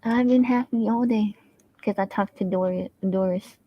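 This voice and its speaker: A woman's voice: medium pitch, a little slow, lo-fi sound. A woman chatting casually and easily on a live stream. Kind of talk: casual chat.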